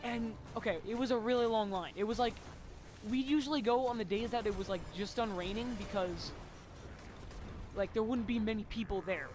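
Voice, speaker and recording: A man's voice: high voice, fairly quick, background noise. A young man telling a rambling, swear-filled story in casual chat, full of "like" fillers.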